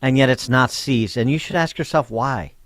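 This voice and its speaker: A male talk radio host speaking into a studio microphone with a dry, close sound and a middle-pitched voice. He stumbles over repeated words, then presses his point with pointed questions. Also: a bit bright, no echo. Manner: emphatic, halting restarts then pointed questions.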